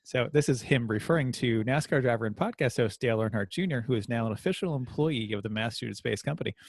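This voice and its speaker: Man co-host, mid pitch, dry close mic, wry and deadpan. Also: fast, dry recording. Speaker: podcast co-host. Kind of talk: casual chat, reading news.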